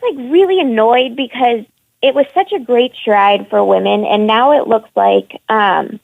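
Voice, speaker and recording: A woman's voice: on the high side, a little slow, creaky, dry recording. Frustrated woman calling in on a tinny phone line. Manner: frank, frustrated and opinionated. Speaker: caller, women's hockey reporter. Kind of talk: phone-in discussion.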